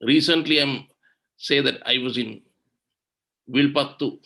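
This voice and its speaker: A man's voice: medium pitch, measured pace, bright, forceful tone. A man giving an impassioned webinar talk on environmental law, indignant and full of rhetorical questions, over a video call. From Sri Lanka.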